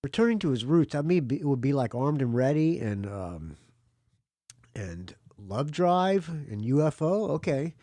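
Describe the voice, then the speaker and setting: A man's voice: mid-range voice, sing-song, unhurried, dark tone, no room sound, studio quality. Rambling casual male podcast host. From United States. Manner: rambling, offhand, swears. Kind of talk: casual solo podcast talk.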